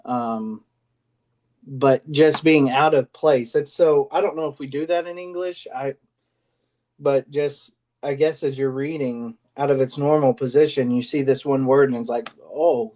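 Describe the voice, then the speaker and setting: Man, student, mid pitch, rambling, thinking aloud, classroom talk. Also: fairly even intonation, unhurried, mellow. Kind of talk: classroom discussion.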